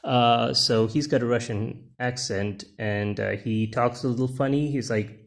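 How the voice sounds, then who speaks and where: A man's voice: medium pitch, fairly even intonation, unhurried, creaky, few pauses. A man giving casual, rambling commentary while flipping through comic pages, with many fillers and restarts. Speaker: comic book reviewer.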